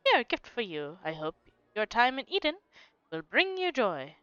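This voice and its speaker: A woman voicing a gallant, flowery flatterer while reading game dialogue aloud. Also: fairly high pitch, moderate pace, clear, resonant tone, dry recording, highs cut off, faint music behind, voice pushed up, heavily acted. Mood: flattering.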